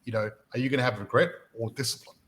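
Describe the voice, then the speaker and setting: A man's voice: mid-range voice, rapid-fire, rough recording. A man hosting a motivational podcast, talking energetically and often restarting his sentences as he tells stories. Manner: energetic, repeats words when starting sentences, storytelling. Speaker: podcast host and property mentor.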